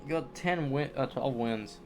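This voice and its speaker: A man's voice: mid-range voice, a little slow, darkish tone, faint music behind. A young Australian man chatting casually on a game stream, rambling and swearing, often restarting his sentences. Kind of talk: casual gaming stream chat.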